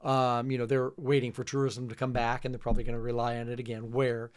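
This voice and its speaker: A middle-aged man, a trip leader, telling travel stories in a relaxed, casual podcast chat, trailing off quietly. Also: mid-range voice, quick pace, smooth. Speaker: guest, fishing trip leader.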